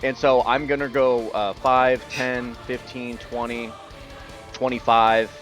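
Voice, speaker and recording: A man playing a tabletop game, loose and excitable, who swears freely. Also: mid-range voice, slow pace, faint music behind. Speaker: player. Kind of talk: casual game chat.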